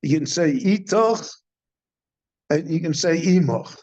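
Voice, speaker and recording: An older man, a rabbi, giving a slow, deliberate Torah class in a synagogue, posing questions and then answering them. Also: on the high side, animated, a little mellow, muffled recording. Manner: measured teaching, poses questions and answers them.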